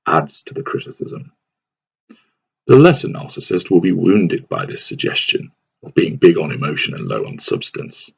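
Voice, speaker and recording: A man reading a scripted advice text aloud in a measured, deliberate way. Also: deep voice, creaky, slightly rough. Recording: dull lo-fi recording.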